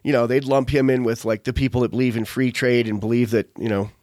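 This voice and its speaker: A man talks in loose, rambling casual chat, drifting from one tangent to the next with plenty of fillers. His voice sits at an ordinary middle pitch. The sound is dry and close, with no room around it. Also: level tone, fast, a little mellow, dry recording. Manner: rambling, digressive, frequent fillers. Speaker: podcast host.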